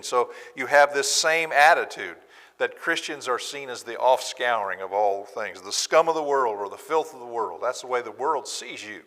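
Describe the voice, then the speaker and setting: A man teaching a sermon with a bright, forceful voice. He talks in an animated way and acts out sarcastic quotes with relish. The sound carries a long reverb from the church room. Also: mid-range voice, moderate pace. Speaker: preacher. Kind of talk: bible class sermon.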